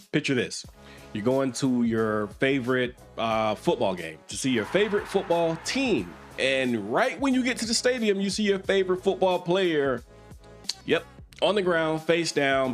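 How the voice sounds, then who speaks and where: A man hosts a casual commentary show in an easy, chatty way, full of wry asides and small restarts. His voice sits at an ordinary middle pitch, with faint music underneath. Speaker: host, former police officer.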